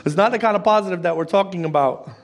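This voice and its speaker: Pastor, male, high voice, casual conversational preaching, repeats phrases, quizzes the congregation. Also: fast talker, vocal fry. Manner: conversational, asks the congregation direct questions; repeats key phrases for emphasis. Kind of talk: sermon.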